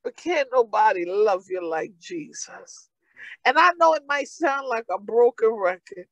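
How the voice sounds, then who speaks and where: A woman's voice: a little high, very animated, measured pace, no room sound, low-quality recording. A woman pastor with a New York accent, preaching a sermon with fervent, repeated calls.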